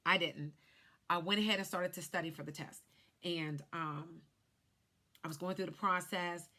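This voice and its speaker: Bright-voiced woman telling her story. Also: on the low side, steady tone, moderate pace. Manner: chatty, speaks straight to viewers. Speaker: life insurance agent. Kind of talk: casual personal storytelling vlog.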